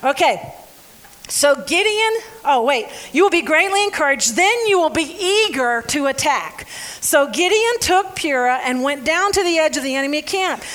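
A woman preaching a sermon, reading scripture and joking with her audience in an animated, playful way. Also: high-pitched, normal speed. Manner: animated and playful, laughs often; involves audience members.

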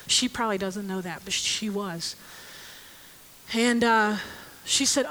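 A middle-aged woman giving an earnest personal testimony, telling a story with soft laughs. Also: mid-range voice, slow, pauses often, rough recording.

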